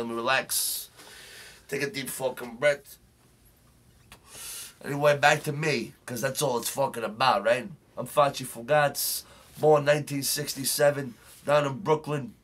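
A man puts on a cocky New tough guy who boasts and threatens in a brash comedic monologue. His voice sits at an ordinary male pitch, loud and swaggering. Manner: boastful, profane, shouting rants. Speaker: comedic character host.

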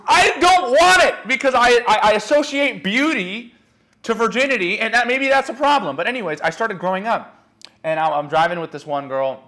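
A man's voice: sits high, moderate pace. A young man lecturing a small group as a dating coach, telling blunt stories with lots of "like", often acting out what others said. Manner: frank, animated storytelling, acting out quotes, many "like"s.

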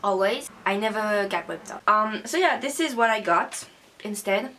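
Young woman beauty vlogger, english isn't her first language, fed up and swearing, mid pitch, faint hiss behind. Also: animated, normal speed, pushed and bright. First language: not English. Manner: angry, swearing rant. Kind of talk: casual unboxing vlog.

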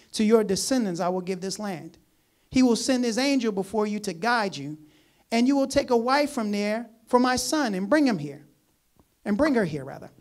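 Emphatic preacher repeating key phrases. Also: medium pitch. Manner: reads scripture aloud between comments; swings between loud urgent lines and quiet asides. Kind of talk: sermon.

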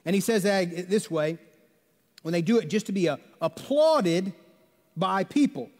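A man's voice: high-pitched, expressive, unhurried, a little mellow, big-room sound. A man preaching a sermon as pastor, telling jokes and stories in a conversational way and asking the congregation rhetorical questions. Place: church sanctuary.

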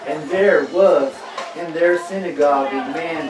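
A congregant reading Bible verses aloud during a sermon, slow and measured. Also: medium pitch. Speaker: scripture reader. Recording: echoey room, mic far off, music behind.

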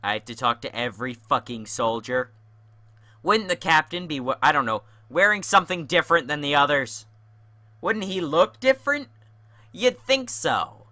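A man's voice: on the high side, bright, forceful tone. A young man giving profane, sarcastic let's-play commentary as a gaming YouTuber.

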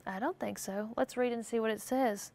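A woman reads a picture book to young children, pausing often to ask them questions and answer for them. Her voice sits fairly high and animated. The sound is close and dry, with no room around it. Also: vocal fry, dry recording. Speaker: teacher reading a picture book aloud. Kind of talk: storybook read-aloud lesson with questions to children.

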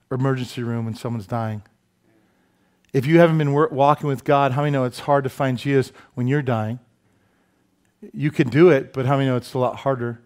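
A male pastor preaching a sermon, telling stories with lively asides and self-deprecating humor. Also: mid-range voice. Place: church sanctuary.

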